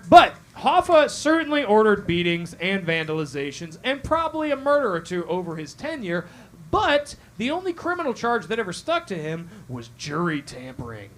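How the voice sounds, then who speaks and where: Brief: high-pitched, lively male host telling crime stories for laughs, loud, profane, keeps checking "all right?". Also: normal speed, a little hiss or hum. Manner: loud, animated, swearing, asking "all right?" again and again. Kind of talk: comedic true-crime storytelling to a live crowd. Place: café stage before a live audience.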